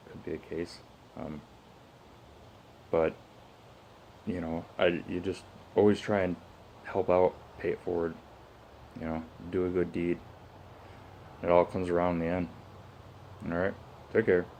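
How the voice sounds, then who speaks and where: A middle-aged man with a notably low voice tells a story in a casual vlog rant. He rambles, restarts his sentences and leans on fillers as he goes. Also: level tone, measured pace, pauses often, darkish tone, slight background noise. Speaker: vlogger.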